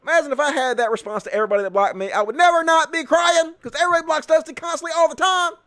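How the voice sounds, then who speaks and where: A man hosts a political commentary show, speaking sarcastically, mockingly and profanely. His voice is very high, very fast and a bit bright, with clean studio sound and no room sound.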